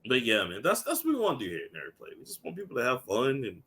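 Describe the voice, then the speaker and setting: Laid-back, lively male podcast host. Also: mid-range voice, quick pace. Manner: animated, imitates friends loudly, laughs often. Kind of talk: casual interview chat.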